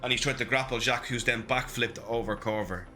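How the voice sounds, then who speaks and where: A man running a tabletop game as game master, narrating the action in a lively way. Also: mid-range voice, brisk.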